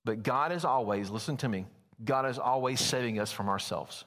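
A man's voice: medium pitch, normal speed. A man preaching a sermon as pastor, folksy and telling stories. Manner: folksy, storytelling, animated at times. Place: church sanctuary. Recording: long church reverb.

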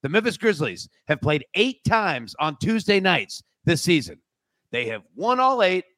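A man's voice: fairly high pitch, big pitch swings, a little slow, fairly bright tone, no echo. Laid-back joking male betting co-host. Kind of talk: casual sports betting chat.

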